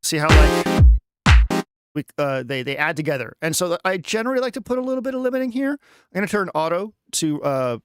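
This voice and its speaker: A man casually talking through a music production tutorial on a live stream, chatty and thinking out loud with lots of fillers. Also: a little high, sing-song, a little fast. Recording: music playing underneath.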